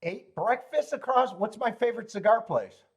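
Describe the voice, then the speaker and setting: A man's voice: very high-pitched, lively intonation, normal speed, husky. A man hosting a live horse racing stream, rambling and joking while greeting viewers in chat.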